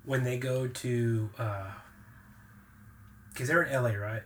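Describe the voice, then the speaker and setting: A man hosting a podcast in casual chat, animated as he retells scenes and laughs often. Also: mid-range voice, slow pace, slight background noise. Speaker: podcast host.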